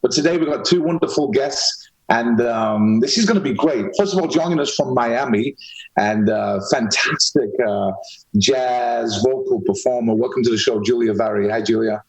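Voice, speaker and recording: Over a video call, a male podcast host greets his guests in an upbeat, chatty way for a casual interview. His voice is medium-pitched at a normal speed, and the recording quality is low.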